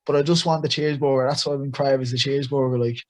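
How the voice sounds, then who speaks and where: A man's voice: mid-range voice, steady tone, very fast, background noise. A young man with an Irish accent, a boxer chatting casually and upbeat as an interview guest. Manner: chatty and upbeat, full of praise for others.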